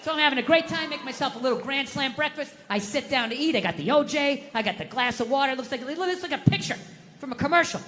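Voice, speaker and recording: A middle-aged man doing profane stand-up storytelling, ranting and bursting into shouts. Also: very high-pitched, animated, fast. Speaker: stand-up comedian. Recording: live hall reverb, faint noise.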